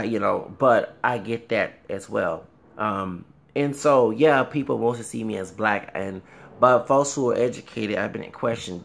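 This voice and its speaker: A man's voice: medium pitch, creaky, a bit bright. A man in his thirties talking casually to camera, rambling with repeated words and frequent fillers. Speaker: vlogger.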